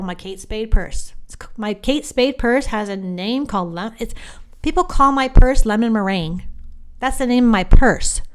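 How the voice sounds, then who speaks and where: A woman hosting a podcast, talking in a chatty, animated monologue, often restarting her sentences. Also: medium pitch, smooth. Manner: chatty, animated, self-interrupting. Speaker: psychic podcast host. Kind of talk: casual monologue.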